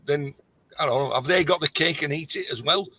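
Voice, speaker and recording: Chatty older Irish man, bright husky voice. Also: a little high, brisk, no echo, poor audio. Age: 60s. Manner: rambling, stop-start storytelling. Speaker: scrapper on a live chat. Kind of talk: casual chat.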